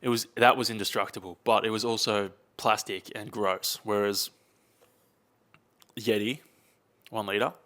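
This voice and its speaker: A man's voice: on the low side, steady tone, unhurried, pauses often, pushed and bright. A young man, chatting casually and rambling on his own podcast. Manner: rambling, chatty, uses slang like mate and dude. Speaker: podcast host. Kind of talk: casual solo podcast chat.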